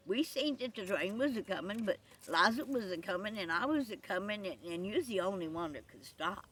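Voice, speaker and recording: A woman's voice: mid-range voice, expressive, brisk, fairly bright tone, far from the mic, a little hiss or hum, natural voice. A woman doing a drawling laid-back country man. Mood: plainspoken. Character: laid-back rural Southern man, Rastus.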